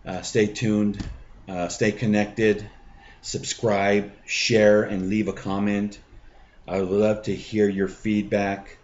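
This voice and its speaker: A middle-aged man hosting a faith podcast, telling a personal testimony in a halting way full of fillers and restarts. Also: lowish voice, darkish tone, muffled recording, a little hiss or hum. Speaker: podcast host.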